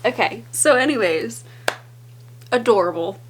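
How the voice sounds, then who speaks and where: A woman's voice: medium pitch, unhurried, a little hiss or hum. A woman talking casually to the camera in a home vlog, chatty and rambling, with lots of fillers and easy laughs. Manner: laughs easily. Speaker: vlogger. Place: indoors at home.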